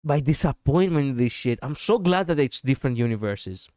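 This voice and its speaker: A man streaming a game, commenting casually in an excitable, profane, ranting way on a close mic. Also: mid-range voice, a little fast, dry recording.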